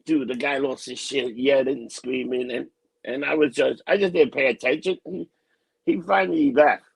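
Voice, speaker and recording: Gravelly husky man venting bluntly. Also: medium pitch, normal speed, no echo, low-quality recording. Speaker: podcast co-host. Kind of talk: casual chat.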